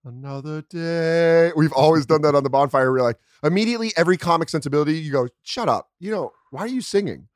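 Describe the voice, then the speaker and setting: A man hosts a casual comedy podcast, talking crudely and acting out quotes in silly voices. His voice is a little high, animated, and fast with few pauses, in clean studio sound with no room sound.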